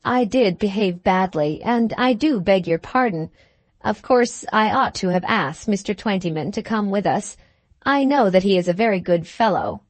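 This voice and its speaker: Earnest, gruff-but-kind gentleman, read by a woman narrator; plain, close, dry delivery. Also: mid-range voice, animated, normal speed, no room sound, close to an everyday voice.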